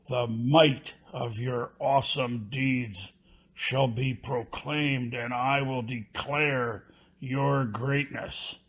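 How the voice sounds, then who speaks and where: A man giving a scripture reading at an unhurried pace. His delivery is measured and solemn, in a mid-pitched voice. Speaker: scripture reader.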